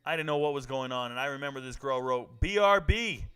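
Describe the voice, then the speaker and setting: A man's voice: medium pitch, little pitch movement, quick pace, a bit bright, clear, resonant tone. A man streaming his reactions to live fights. He jokes, repeats lines, and talks straight to his viewers. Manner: joking, repeats himself, talks straight to chat. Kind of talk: casual live-stream commentary.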